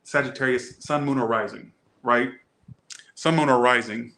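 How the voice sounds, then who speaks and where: A man with a Southern US accent giving a casual tarot reading, animated, blunt and joking. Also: medium pitch, normal speed, gravelly, roomy sound. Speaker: tarot reader.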